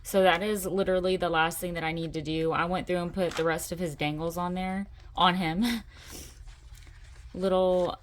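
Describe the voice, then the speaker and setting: A middle-aged woman with a lowish voice, chatty and enthusiastic as she hosts her own craft channel. She talks in a relaxed show-and-tell way, gushing about the details she shows. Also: a little fast, few pauses, slight background noise. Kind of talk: casual show-and-tell vlog.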